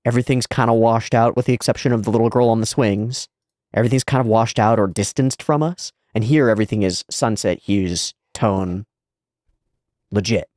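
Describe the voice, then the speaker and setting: A man's voice: lowish voice, normal speed, darkish tone, dry recording, studio quality. A man hosting an anime reaction, chatting casually and swearing now and then.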